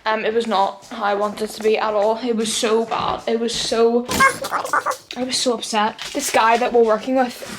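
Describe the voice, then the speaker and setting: A woman's voice: fairly high pitch, background noise. A young woman, talking casually to her camera as she vlogs from her home kitchen. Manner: chatty, exasperated asides to her dogs. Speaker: vlogger building a nutrition brand. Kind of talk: casual vlog narration.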